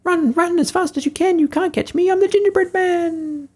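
A man voicing a cheeky little male gingerbread man who chants a taunting sing-song in a very high voice. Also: steady tone, normal speed, warm tone.

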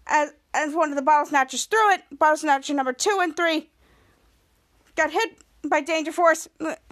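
A woman's voice: sits high, normal speed, a bit bright. A woman podcast host casually recapping a TV episode, rambling with frequent restarts.

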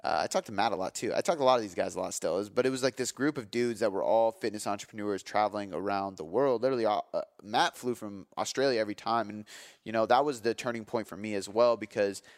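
A man in his thirties with a low voice, hosting his own podcast. He tells a candid personal story with energy and emphasis, swearing now and then. The sound is dry and close, with no room around it. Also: fast, dry recording. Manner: energetic, emphatic, frequent fillers and profanity. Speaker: podcast host.

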